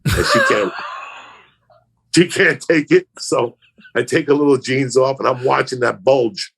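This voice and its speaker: A man spins a crude, profane story in a relaxed podcast conversation. His voice is husky and gravelly, and he lets the pitch rise and fall freely as he talks. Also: measured pace. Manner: crude, profane, animated anecdote-telling. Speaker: comedian guest.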